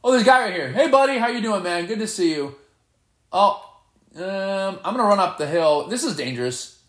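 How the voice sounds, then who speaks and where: A man giving live gameplay commentary, excitable and playfully boastful as he trash-talks. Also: high voice, moderate pace, echoey room. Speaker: gamer.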